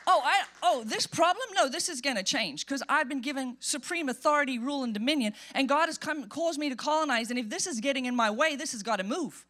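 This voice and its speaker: Woman pastor, high-pitched, emphatic animated sermon delivery in a church. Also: fast, hardly any pauses. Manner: animated, emphatic preaching with acted-out quotes.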